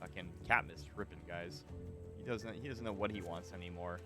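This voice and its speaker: A man streaming a survival game, giving animated, swear-laden commentary and chatting with his viewers. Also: low voice, a little fast, music in the background. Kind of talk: live gameplay commentary.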